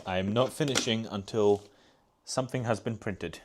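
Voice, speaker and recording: A man's voice: on the low side, moderate pace. A man hosting a live stream, chatting casually while he builds, rambling and restarting his sentences and laughing often.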